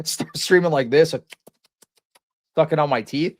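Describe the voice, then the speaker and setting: A man's voice: fairly high pitch, moderate pace, pauses often, no room sound. A man streaming live, commenting in a rambling, mocking way with lots of restarts and chuckles.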